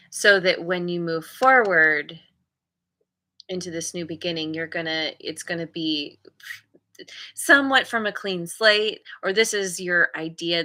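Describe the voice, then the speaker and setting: A woman's voice: on the low side, bright, forceful tone. A woman giving a casual tarot reading, thoughtfully searching for words as she reads the cards aloud. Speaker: tarot reader.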